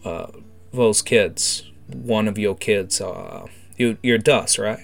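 A man voicing a secretive male gang member working undercover, speaking in a hushed, slangy, hesitant way, over faint guitar music. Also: on the low side, slow, creaky.

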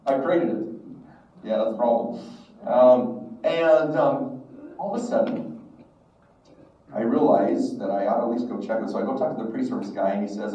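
A man's voice: medium pitch, expressive, a little fast, warm tone. Man telling a story in an echoey room. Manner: storytelling, acting out the dialogue. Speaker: religious instructor. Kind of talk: devotional talk with personal story. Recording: echoey, distant, dull room recording.

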